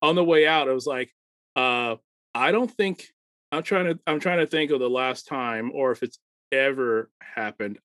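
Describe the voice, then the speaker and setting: A man's voice: medium pitch, a bit bright, no echo. A man co-hosting a casual chat as a comedy show producer, rambling, laughing often and acting out quoted exchanges.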